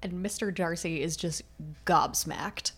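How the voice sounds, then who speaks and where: A young woman breaks down a novel in a casual podcast, wry and blunt, tossing in the odd curse. Her voice sits slightly low for a woman. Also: unhurried, husky. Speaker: podcast co-host. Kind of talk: casual book discussion.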